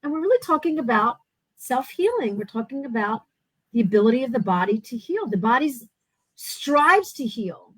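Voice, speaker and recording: High-voiced woman hosting a chat. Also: moderate pace, husky, no room sound, rough recording. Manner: animated storytelling with many restarts. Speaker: host. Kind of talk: casual interview chat.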